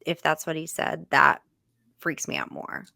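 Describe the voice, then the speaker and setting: A young woman chatting casually on a reaction channel, skeptical and quick to laugh, with lots of filler words. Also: deep voice, sing-song, vocal fry, sharp tone, no echo, studio quality.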